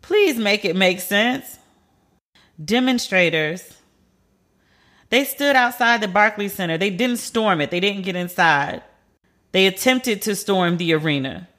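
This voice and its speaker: Bright-voiced woman ranting bluntly. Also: medium pitch, measured pace. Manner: blunt, profane, incredulous. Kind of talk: casual TV and news commentary.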